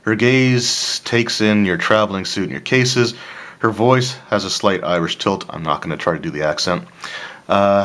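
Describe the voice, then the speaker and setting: A man reading a solo tabletop gamebook aloud and adding casual asides, clearing his throat now and then. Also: lowish voice, normal speed, fairly bright tone. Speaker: player of a solo tabletop adventure.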